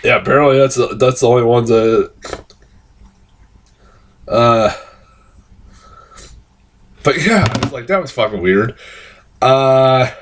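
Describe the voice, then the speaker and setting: A man giving a casual, rambling film review, swearing a lot and stumbling through restarts, jumping higher whenever he quotes a line. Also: takes it slowly, long pauses, slight background noise. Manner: rambling, heavy swearing, many fillers and restarts; jumps to high, excited pitch when quoting lines.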